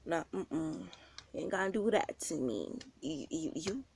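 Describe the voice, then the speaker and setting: A woman telling a story on her vlog, slangy and animated, acting out the quotes with loud bursts. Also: sits low, measured pace, creaky, breathy edge, no room sound. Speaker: vlogger.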